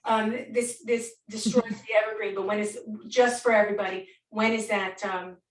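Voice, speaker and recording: A woman's voice: mid-range voice, fairly even intonation, moderate pace, reverberant, recorded from a distance. A woman hosting a podcast, chatting playfully and laughing along with her guest. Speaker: podcast host. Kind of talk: casual chat.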